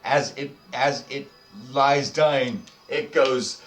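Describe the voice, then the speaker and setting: A man running a tabletop game as dungeon master, narrating and joking casually and often pausing on fillers. He sounds set back from the mic, at a middle pitch for a man, with faint music in the background. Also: fairly bright tone, far from the mic.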